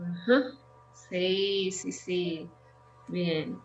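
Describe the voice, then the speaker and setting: Slow, patient woman teaching Spanish. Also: medium pitch, dull audio, soft background music. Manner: patient, explains slowly with many fillers. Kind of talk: online language lesson.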